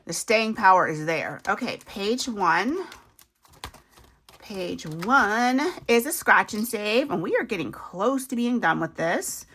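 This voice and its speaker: Chatty woman with a lively voice. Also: medium pitch, slight background noise. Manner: chatty, talks to viewers as y'all, laughs at herself. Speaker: budgeting video host. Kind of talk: casual savings challenge commentary.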